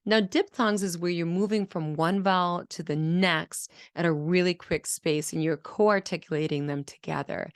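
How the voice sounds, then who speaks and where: A woman speech-language pathologist explaining children's speech patterns in a clear, teaching manner and acting out sounds as examples. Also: low-pitched, dry recording, clean studio sound. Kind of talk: teaching video lesson.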